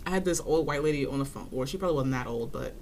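A young woman in casual chat, telling an animated, swearing story about her library desk job and acting out callers in a high voice. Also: racing, slight background noise. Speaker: library circulation desk worker.

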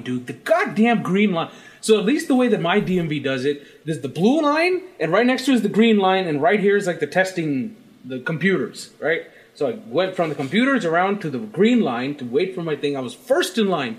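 A man co-hosting a podcast, telling an annoyed story in a casual, profane rant. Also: a little high. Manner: animated, profane ranting storyteller. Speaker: podcast co-host. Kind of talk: casual chat.

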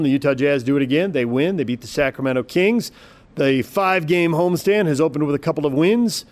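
A man's voice: a little high, brisk, darkish tone, soft background music. A man hosting a sports radio show, introducing postgame clips in an offhand, joking way.

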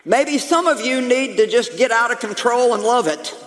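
A woman pastor preaching a lively, humorous sermon to her congregation, calling out to them as she goes. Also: on the high side, normal speed, in a large hall, slight background noise. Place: church sanctuary.

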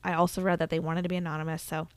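A woman's voice: deep voice, little pitch movement, rapid-fire, no room sound. A woman hosting a podcast, telling a true-crime story in a chatty, casual way with frequent fillers. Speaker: podcast host.

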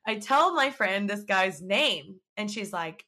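Young woman, bright voice, chatty storyteller full of "like"s. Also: medium pitch, measured pace. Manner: chatty, animated, lots of "like" and acted-out quotes. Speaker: vlogger. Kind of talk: casual storytelling.

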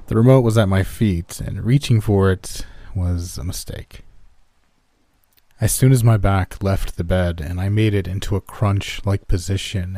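Casting: low-voiced male horror narrator, warm dark tone, dry close mic. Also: dry recording. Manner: calm storytelling, lifts pitch for quoted characters.

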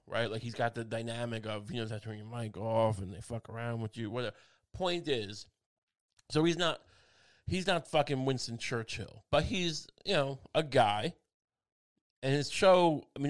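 A man ranting casually in a monologue, rambling and sardonic, with frequent swearing and restarts. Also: medium pitch.

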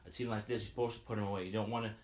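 Sports podcaster, man, low voice, eager fan recap, echoey room. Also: racing. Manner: excited fan, repeats "you know what I mean". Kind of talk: casual post-game fan recap.

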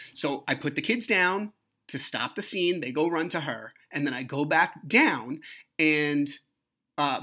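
A man's voice: fairly high pitch, pushed and bright. A man hosting his own podcast, telling a personal story in a frank, heated way with plenty of swearing. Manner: frank, profane, heated retelling. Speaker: podcast host.

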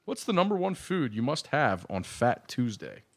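A man's voice: medium pitch, big pitch swings, moderate pace. A man co-hosting a radio talk show, easygoing as he reads out questions. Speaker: radio co-host. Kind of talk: casual radio banter.

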